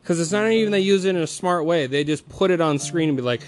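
A man's voice: fairly high pitch, fast talker. A man ranting angrily about a movie, swearing often and mocking the studio with put-on quotes. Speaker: film reviewer.

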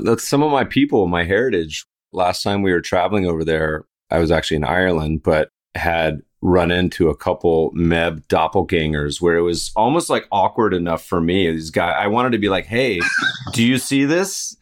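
With a low pitch and barely a pause, an American man hosts a podcast at moderate speed. He's chatty and upbeat, introducing his guest, joking, and reading an ad during the casual interview.

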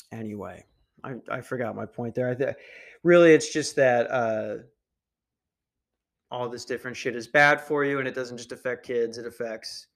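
Crude, rambling young podcast host. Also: male voice, mid-range voice, fairly bright tone. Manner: crude, meandering, sarcastic. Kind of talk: casual rant.

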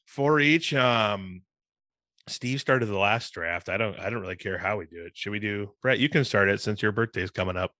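A man co-hosting a podcast in casual chat, laughing often and thinking out loud with playful teasing. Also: lowish voice, moderate pace, no room sound, studio quality. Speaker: podcast co-host.

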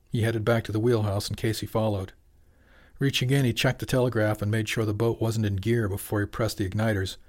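A man's voice: fairly low pitch, a little mellow. Man narrating an audiobook. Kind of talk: scripted narration.

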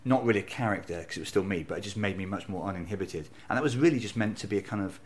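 A man's voice: on the low side, racing. An English man from Bristol, a comedian, chatting in an interview in a bar, self-deprecating and storytelling. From England, Bristol. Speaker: comedian and novelist, interview guest. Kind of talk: casual interview chat.

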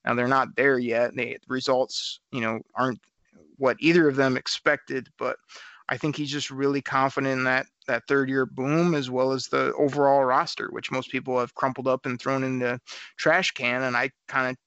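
A man hosting a casual sports talk show, talking in a rambling, animated way and laughing often. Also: mid-range voice, moderate pace, no echo. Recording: dry, slightly dull audio.

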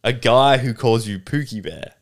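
A man, co-hosting a podcast in casual chat, animated and swearing freely. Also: medium pitch, normal speed. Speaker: podcast co-host.

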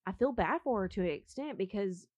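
A young woman co-hosting a casual gossip chat, animated, empathetic and slangy. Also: mid-range voice, brisk, dry recording. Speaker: podcast co-host. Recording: slightly dull lo-fi sound.

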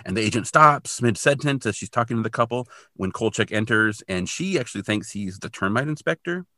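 Bright, dry-voiced man recapping casually. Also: on the low side, expressive, a little fast, no room sound. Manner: chatty, filler-heavy, self-deprecating. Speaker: podcast co-host.

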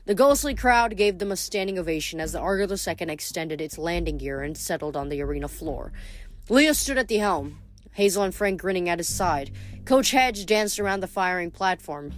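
Woman reading a novel aloud. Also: medium pitch. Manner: steady reading with some stumbles and self-corrections. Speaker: reader.

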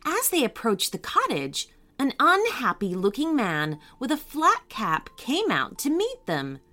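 Woman host, kids' storybook narration; bright, slow, sing-song delivery. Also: sits high. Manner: warm, expressive reading aloud to kids.

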